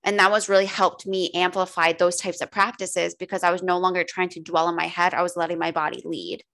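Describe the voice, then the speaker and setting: A woman holistic coach, her voice lowish, steady, brisk and a little bright, speaks openly as a guest in a relaxed podcast conversation. She swears a lot and fills her sentences with "like."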